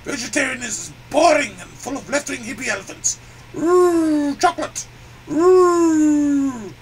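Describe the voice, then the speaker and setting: A man's voice: extremely high pitch, measured pace, a little hiss or hum, rough recording. A man voicing a crude, boastful, grumpy male elephant puppet that cries "ooh" and rants with profanity. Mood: ranting. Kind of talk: puppet comedy sketch.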